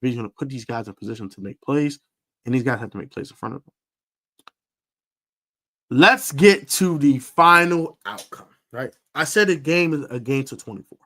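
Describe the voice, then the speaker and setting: A man's voice: mid-range voice, normal speed. A man hosting a live stream football preview, talking emphatically, repeating himself for stress and using fillers. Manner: emphatic, animated sports talk with fillers and repeats. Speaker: sports podcast host.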